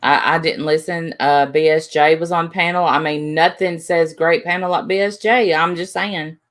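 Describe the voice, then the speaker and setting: A woman hosting a casual livestream chat, talking haltingly with many restarts and reading out names from the chat. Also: low voice, fairly even intonation. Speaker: livestream host.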